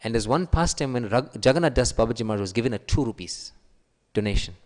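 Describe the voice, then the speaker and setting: A man giving a sermon, telling stories and acting out the quoted voices with a raised pitch. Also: animated, fast, a little mellow. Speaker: preacher. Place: temple hall. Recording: long hall reverb.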